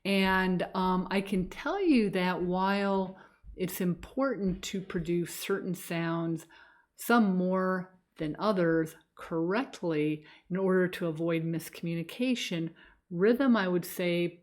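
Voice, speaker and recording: A woman coach talks through a pronunciation lesson at an unhurried, deliberate pace. Her voice sits fairly low for a woman, and she often pauses to check in with a quick "okay?". She sounds middle-aged. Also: a little mellow. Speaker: speech coach. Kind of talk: instructional video lesson.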